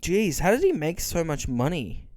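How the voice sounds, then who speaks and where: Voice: medium pitch, big pitch swings, normal speed, darkish tone, no room sound. A podcast host giving casual, joking watch-along commentary, reacting in disbelief and laughing often.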